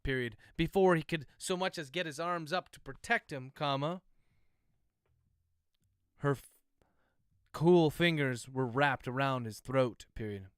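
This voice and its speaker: A man's voice: mid-range voice, a little slow, long pauses, fairly bright tone, smooth, no room sound, studio quality. A man, an author, dictates his novel aloud on a livestream, speaking each comma and period, then chats loosely with viewers. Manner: speaks punctuation marks aloud while dictating; loose, chatty asides to viewers between passages.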